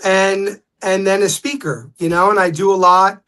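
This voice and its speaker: A man, a guest telling stories in a casual interview, animated when quoting others. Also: high-pitched, normal speed.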